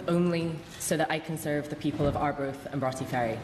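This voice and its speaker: A woman's voice: sits low, brisk, hardly any pauses, darkish tone, reverberant, in a large hall. A woman politician giving a formal oath and speech, earnest and solemn.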